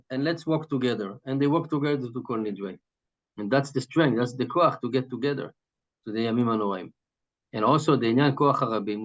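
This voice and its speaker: A man teaching from a Hasidic text. He explains Hebrew terms in English and keeps asking "right?" as he goes. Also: medium pitch. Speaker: Torah teacher. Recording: dull lo-fi recording.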